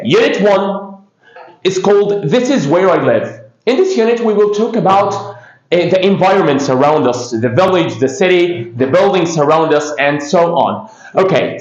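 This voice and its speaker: A man with an Egyptian accent teaching an English lesson to young pupils, saying "okay" constantly and drilling words for them to repeat. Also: fairly high pitch. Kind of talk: classroom-style English lesson. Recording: echoey room, dull lo-fi sound.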